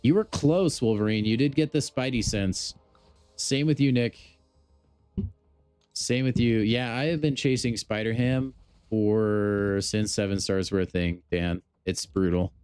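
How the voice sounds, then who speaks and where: A man hosts a live gaming stream, chatting and joking with his viewers in a low, smooth, resonant voice. The sound is dry and close, with faint music underneath. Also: measured pace, darkish tone, dry recording. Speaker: game streamer.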